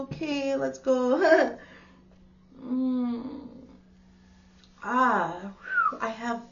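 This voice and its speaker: A woman's voice: on the high side, creaky, highs cut off, a little hiss or hum. A woman giving a casual spiritual tarot reading to the camera. She talks in a chatty, exclaiming way and calls the listener darling. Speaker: tarot reader.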